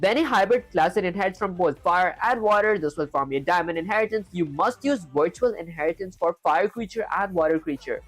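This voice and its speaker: A man's voice: high voice, brisk, few pauses, a bit bright, soft background music. A young man with an Indian accent live-streaming his coding, thinking aloud through each step and chatting with viewers.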